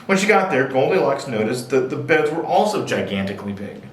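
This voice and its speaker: A man's voice: medium pitch, big pitch swings, brisk. A man reading picture books aloud at a library, with playful, jokey asides. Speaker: library storyteller. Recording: echoey room, distant mic.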